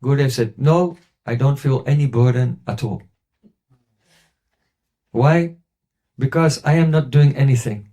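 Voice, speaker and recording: A man giving a devotional talk, telling a story and quoting others in a lowered voice. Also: a little slow, pauses often, warm tone. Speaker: spiritual teacher.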